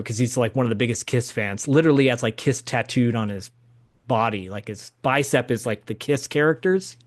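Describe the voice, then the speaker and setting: A man in his fifties hosting a podcast, telling a story in an animated, chatty way. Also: mid-range voice, brisk. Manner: animated, chatty, laughs as he tells stories. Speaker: podcast host. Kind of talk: casual storytelling.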